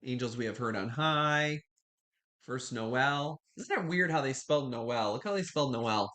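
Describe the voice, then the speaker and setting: Bright-voiced chatty woman host. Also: rumbling low, animated, normal speed. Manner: chatty, rambling, greets viewers by name. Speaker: live stream host. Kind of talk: casual chat with live viewers. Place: home kitchen.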